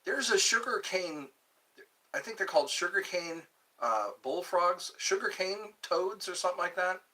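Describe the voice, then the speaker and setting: A man's voice: sits high, lively intonation, normal speed, sharp tone, far from the mic, low-quality recording. A man hosting his own channel, musing aloud in a meandering livestream chat and trying out pickup lines. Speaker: channel host.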